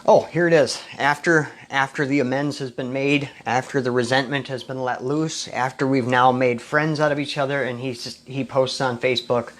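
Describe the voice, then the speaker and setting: A man's voice: medium pitch, steady tone, normal speed, few pauses, a bit bright. A man giving a live video talk about recovery, speaking earnestly and emphatically, repeating phrases for effect.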